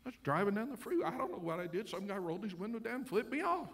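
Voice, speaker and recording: A pastor preaching a sermon in church, loud in the call-and-response and joking when he tells stories. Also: high voice, big pitch swings, rapid-fire, background noise. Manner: storytelling, joking with the congregation. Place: church sanctuary.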